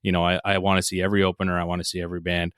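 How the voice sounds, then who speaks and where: Blunt New man, low voice. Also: monotone, rapid-fire, fairly bright tone, smooth, no echo, clean studio sound. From northern New Jersey. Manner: blunt, opinionated, swears freely. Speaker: podcast host. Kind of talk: casual interview chat.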